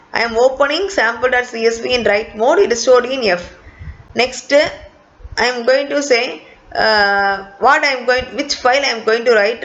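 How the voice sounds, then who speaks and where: Higher-voiced woman teaching. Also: fairly bright tone. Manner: explains step by step, repeats key points, many fillers. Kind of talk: recorded online class lecture. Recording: dull lo-fi recording.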